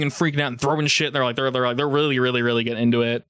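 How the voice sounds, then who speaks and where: A man's voice: mid-range voice, flat delivery, racing, a bit bright, clear, resonant tone. Rambling man running a tabletop game. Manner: rambling, laughs often, many restarts. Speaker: game master.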